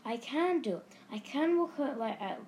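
A woman voicing an elderly male hyena who is weary but gentle, in a storybook reading. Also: mid-range voice, expressive, slight background noise, lightly acted. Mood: cheerful. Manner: drowsy, slow-spoken.

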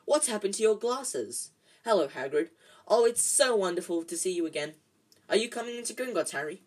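Eager schoolgirl witch, reader putting on a higher voice, quick, bit husky. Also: expressive, far from the mic. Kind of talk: amateur audiobook reading.

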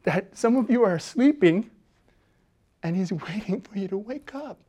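Man, pastor, high voice, sermon, conversational, loud emphatic stretches, soft low asides. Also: expressive, moderate pace. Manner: conversational, with fillers and self-corrections.

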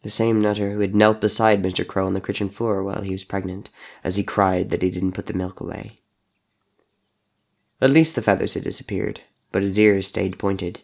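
A man narrating an audio drama in a measured storytelling voice. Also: low voice, level tone, creaky.

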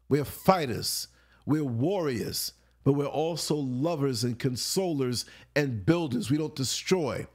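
On a late-night talk show, a man with a slightly high, husky voice tells stories animatedly in a casual way. He laughs often and acts out grunts and different voices.

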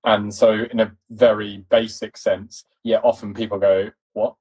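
A man with a posh English accent, a cinematographer guest on a chat show, who talks quickly, mumbles and swears casually. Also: lowish voice, level tone, dark tone, slightly rough, low-quality recording. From East London, England. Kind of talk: casual conversation.

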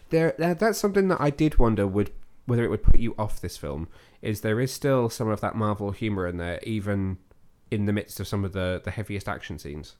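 A man with a fairly low voice hosts a relaxed film review chat. He rambles, restarts his sentences and keeps asking his co-host questions. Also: a little fast, hardly any pauses. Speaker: podcast host.

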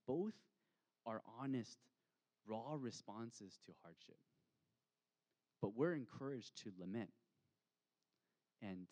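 A man delivering a sermon from the pulpit, his voice sitting low and warm. He speaks reflectively and reads scripture with slow, weighty pauses. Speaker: pastor.

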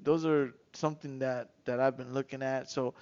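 A man hosting a casual podcast, telling animated street stories and acting out voices. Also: medium pitch, normal speed, clean tone, muffled recording. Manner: animated storyteller who acts out voices and shouts. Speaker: podcast host.

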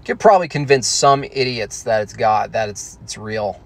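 A man's voice: mid-range voice, expressive, moderate pace, vocal fry, few pauses. A man chatting casually, rambling and joking irreverently as he reacts to comments. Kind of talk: casual chat.

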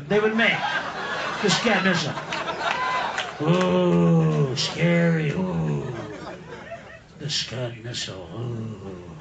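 Male stand-up comic, profane, mocking, high voice, roaring crowd, noisy room. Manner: profane, mocking, laughing mid-line. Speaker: stand-up comedian. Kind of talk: stand-up comedy routine. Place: live comedy venue. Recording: echoey live room with loud crowd.

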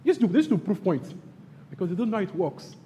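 A Nigerian-accented man preaches a sermon, his fairly high, mellow voice leaping between loud bursts and hushed asides. He hammers phrases over and over. The sound rings with long hall reverb over faint ambience. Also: lively intonation, fast, slight background noise. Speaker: pastor.

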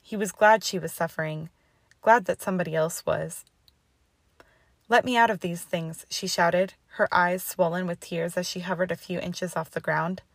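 A woman narrates fan fiction in a steady storytelling voice. Her pitch sits on the low side, and the recording is dry and close with no room sound. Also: normal speed, creaky, no room sound. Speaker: audiobook reader. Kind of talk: fanfiction read aloud.

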